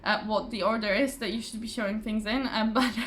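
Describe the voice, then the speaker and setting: A woman's voice: a little high, steady tone, brisk, a bit bright, slight background noise. A woman chatting casually to camera about her craft projects, rambling with fillers and restarts and laughing often, her voice a little tired. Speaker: craft vlogger. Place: home, at a table. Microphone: phone or camera on the table.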